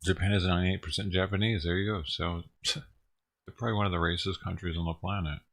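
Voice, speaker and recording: Gravelly low-voiced man ranting on stream. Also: steady tone, fairly quick, fairly bright tone. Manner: profane, rambling and chuckling. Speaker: livestream streamer. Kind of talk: casual livestream rant.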